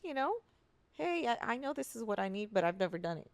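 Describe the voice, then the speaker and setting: A woman co-hosting a podcast, telling a personal story in a rambling, animated way with many restarts and fillers. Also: fast, vocal fry, no room sound. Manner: jumps much higher when quoting her therapist, laughing and near tears. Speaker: podcast co-host. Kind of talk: casual chat.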